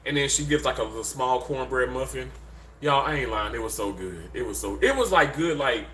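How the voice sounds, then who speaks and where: In a reverberant hotel room, a Mississippi man with a Southern accent hosts a casual live stream and reads out viewers' comments. He's medium-pitched and brisk, with lively intonation and a pushed, bright tone, rambling and leaning on fillers.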